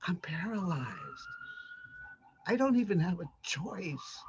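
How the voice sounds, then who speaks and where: An actor playing a haunted, reclusive older husband who talks in a halting, stammering, brooding way. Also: male voice, medium pitch, expressive, dull audio, a little hiss or hum. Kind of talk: amateur audio drama.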